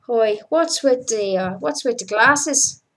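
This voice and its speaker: A woman doing a gruff Irish male supervisor. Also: a little high, animated, takes it slowly, fairly bright tone, heavily acted. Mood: questioning. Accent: put-on Irish.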